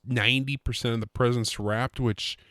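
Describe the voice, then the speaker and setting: A man's voice: medium pitch, steady tone, normal speed, bright, forceful tone, no echo, clean studio sound. A man hosting his own podcast, chatting in a rambling, joking way and often cutting himself off mid-sentence. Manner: rambling, self-interrupting, joking. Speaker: podcast host. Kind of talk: casual solo podcast monologue.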